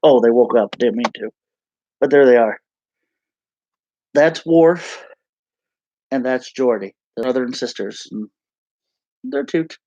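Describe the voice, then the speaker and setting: A man's voice: mid-range voice, measured pace, long pauses, warm tone, no room sound, muffled recording. A man co-hosting a live stream, chatting casually in a rambling, jokey way and laughing often.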